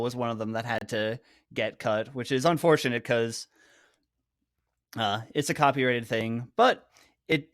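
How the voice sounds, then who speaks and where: A man's voice: medium pitch, dry recording, studio quality. A man on a marathon team, explaining with many fillers in a casual panel Q&A.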